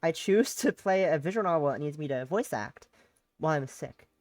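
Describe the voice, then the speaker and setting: A woman's voice: sits low, lively intonation, moderate pace, darkish tone, no echo. A woman streamer with a sick voice, chatting casually and playfully with many fillers while playing a visual novel. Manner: rambling, playful, filler-heavy. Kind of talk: casual let's-play chat.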